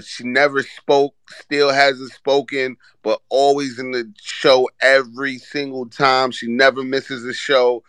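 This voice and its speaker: A man's voice: mid-range voice, clear, resonant tone, no room sound, rough recording. A man hosting a casual sports podcast, talking loosely with lots of restarts and swearing. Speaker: podcast host.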